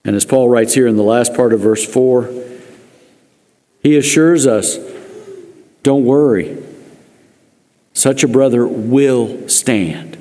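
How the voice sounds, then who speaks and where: A man's voice: mid-range voice, slow, long pauses, dark tone. Man preaching in an echoing hall. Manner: earnest, with dry joking asides. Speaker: pastor. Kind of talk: sermon. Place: church sanctuary. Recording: long reverb of a church hall.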